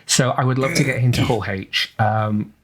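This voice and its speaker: A man's voice: medium pitch, fairly even intonation, normal speed. A man with an English accent, chatting on a podcast and rambling with lots of ums and restarts. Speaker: podcast co-host. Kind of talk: casual chat.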